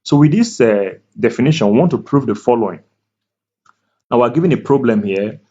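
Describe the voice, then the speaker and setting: A man tutoring math at a board, speaking slowly and deliberately, repeating key words and checking that the viewer is following. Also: mid-range voice, animated, dark tone, slightly rough. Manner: slow, deliberate, repeats key words, asks "can you see that?". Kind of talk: whiteboard math lecture. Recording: dull lo-fi recording.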